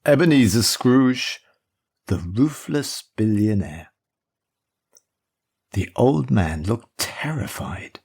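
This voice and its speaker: A man narrating an audiobook in a measured, expressive storytelling manner. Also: fairly low pitch, vocal fry, slightly rough. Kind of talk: scripted narration.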